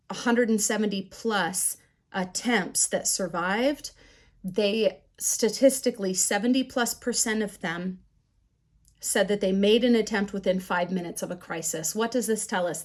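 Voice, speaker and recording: A woman teaching a class on resilience, telling personal stories in a candid, animated way. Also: mid-range voice. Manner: candid, animated storytelling with acted quotes. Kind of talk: storytelling lecture.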